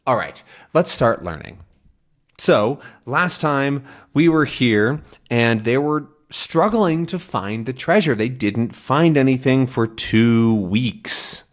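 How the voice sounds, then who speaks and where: A young man teaching English, explaining a comic slowly and clearly for learners. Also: mid-range voice. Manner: slow, clear and animated.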